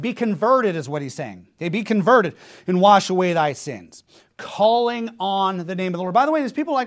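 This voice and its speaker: Man, preacher, sermon, emphatic and mocking, fairly high-pitched. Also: very animated, a little fast. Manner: emphatic, mocking, repeats rhetorical questions.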